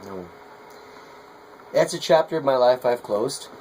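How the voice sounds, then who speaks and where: Middle-aged male potter, folksy rambler, mid pitch, faint background hum. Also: animated, a little slow, a little mellow, low-quality recording. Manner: rambling, folksy, hesitant with fillers. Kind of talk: casual vlog talk while working.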